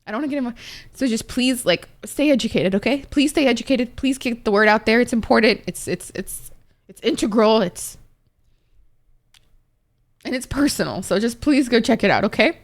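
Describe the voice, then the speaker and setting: A young woman on a livestream, talking with her chat in a loose, expressive way and cursing without a second thought. Her voice sits a little on the high side. She rambles and thanks viewers as she goes. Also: normal speed. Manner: chatty and expressive, swears freely, many fillers. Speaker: Twitch streamer.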